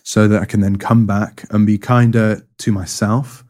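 A man's voice: on the low side, flat delivery, moderate pace, darkish tone. A man giving a reflective personal testimony in an interview, thoughtful and hesitant, with many fillers and restarts. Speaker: interview guest.

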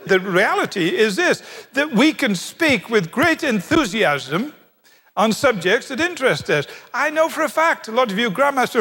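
A British man preaching a sermon, animated and humorous, acting out quoted voices in his stories. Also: very high-pitched, fairly quick, slightly rough. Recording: long hall reverb.

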